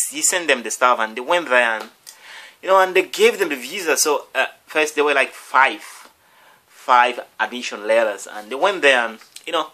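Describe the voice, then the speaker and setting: A man vlogger tells a long story in a casual, rambling way, restarting often and acting out every person's voice. His medium-pitched voice is bright and forceful.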